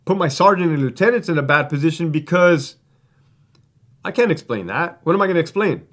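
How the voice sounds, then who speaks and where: A man's voice: fairly high pitch, expressive, a little fast, a bit bright. A man who once worked as a prison guard, telling a story in a blunt, casual way, full of swearing and fillers like "like" and "right?". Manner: blunt, profane, conversational with many fillers.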